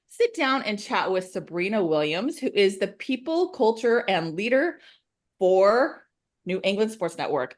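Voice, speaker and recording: Woman co-host, cheerful, animated pitch swings, casual chat. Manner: cheerful, lively. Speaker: podcast co-host.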